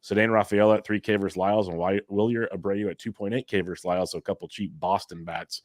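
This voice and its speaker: A very deep-voiced man rattles off baseball picks and betting prices at a rapid clip. He sounds tired but steady, on a close, dry mic. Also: dry recording. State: exhausted. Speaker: fantasy baseball analyst. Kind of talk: quick betting picks and casual chat.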